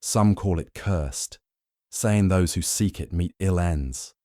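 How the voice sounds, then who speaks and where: Man voicing a wary Yorkshire groundskeeper, thick Yorkshire accent, gruff and terse, low dark voice. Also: takes it slowly, dry recording, clean studio sound. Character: wiry weathered male Yorkshire groundskeeper, wary.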